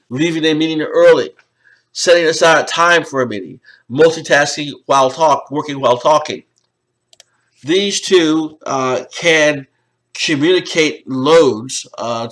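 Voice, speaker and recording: A male college lecturer explaining slides, pausing often on "uh" and restarting phrases. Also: a little high, a bit bright, low-quality recording. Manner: explanatory, with frequent "uh" fillers and restarts. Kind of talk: recorded lecture over slides.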